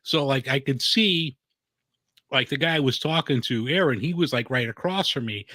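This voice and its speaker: A man's voice: medium pitch, normal speed, bright, forceful tone, dry recording. A man who writes about food and beer, chatting casually on a live stream in a rambling way, full of "like" and "you know".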